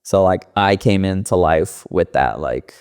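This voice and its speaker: A man's voice: low-pitched, lively intonation, a little slow, darkish tone, smooth. A young man from the Los Angeles area, a podcast guest, telling loose and profane stories in casual interview talk, full of fillers.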